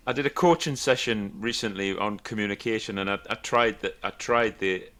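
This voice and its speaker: A man's voice: lowish voice, a little fast, fairly bright tone. Affirming, anecdotal podcast co-host man. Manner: brief affirming replies, anecdotal. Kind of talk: casual chat.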